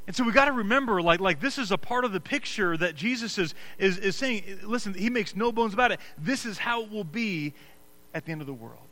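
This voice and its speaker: A man preaching a sermon as pastor, earnest and emphatic, moving between hushed low passages and raised, pressing ones, with frequent restarts. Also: lively intonation, brisk, low-quality recording.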